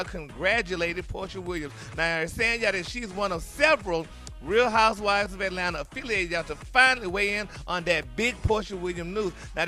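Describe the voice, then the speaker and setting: Radio gossip host, man, high bright sassy voice, music under him. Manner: sassy, peppers talk with "honey" and "y'all". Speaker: celebrity news host. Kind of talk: flamboyant celebrity gossip report.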